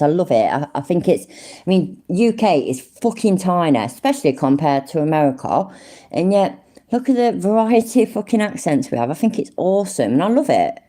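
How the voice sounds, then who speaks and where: A woman with a Leicester English accent and a warm, lowish voice chats casually on a live stream. She rambles, swears freely and laughs often.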